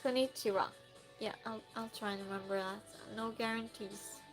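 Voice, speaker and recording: A woman's voice: medium pitch, steady tone, normal speed, music in the background. A woman streamer chatting casually and playfully with her live viewers, reading their messages aloud and teasing them.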